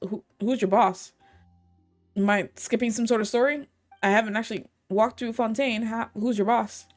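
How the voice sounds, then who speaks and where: A woman's voice: fairly high pitch, fairly even intonation, soft background music. Chatty woman reading game dialogue aloud. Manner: reads game dialogue aloud, quick asides and complaints. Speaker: gaming streamer. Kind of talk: casual let's-play commentary.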